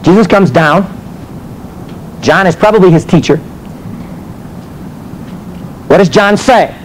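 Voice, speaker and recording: A teacher and minister from the United States preaches and teaches a sermon at normal speed in a high voice. His delivery is animated storytelling full of rhetorical questions, and the rough recording has a little hiss or hum.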